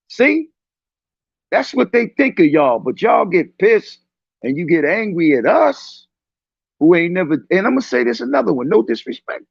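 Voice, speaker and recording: Heated man in his fifties, gravelly, high voice, dry close sound, lo-fi stream. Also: big pitch swings, normal speed, no room sound. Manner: preachy, confrontational, shouting at times. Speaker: panel speaker. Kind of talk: heated online discussion. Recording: dull lo-fi stream audio.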